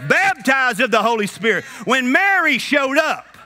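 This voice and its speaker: A man preaching a sermon at a conference, animated and shouting at peaks, slipping into character voices for retold scenes. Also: very high voice, measured pace, a little hiss or hum. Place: conference hall.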